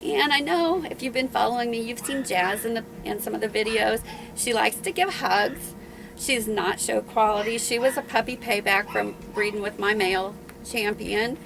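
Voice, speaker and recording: In a rough recording, a middle-aged woman who breeds dogs chats casually on her home video, her voice fairly high with vocal fry at a normal speed. She rambles chattily and sounds a bit out of breath, with many restarts and fillers.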